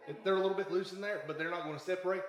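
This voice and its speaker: A man's voice: high-pitched, fairly even intonation, rapid-fire. Earnest man hosting a blacksmithing vlog. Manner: earnest, encouraging, conversational. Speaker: blacksmith and channel host. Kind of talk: casual reflective vlog talk.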